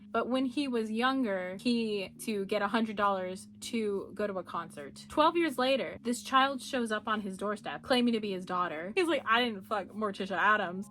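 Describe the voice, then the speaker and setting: A woman giving a casual book review, animated and ranting, with frequent swearing. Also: mid-range voice. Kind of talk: casual reading wrap-up chat.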